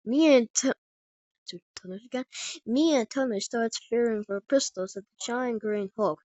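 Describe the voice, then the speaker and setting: A woman's voice: on the high side, moderate pace, darkish tone, no room sound. A woman improvising a fan story as narrator, stumbling and restarting often. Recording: dull dry lo-fi recording.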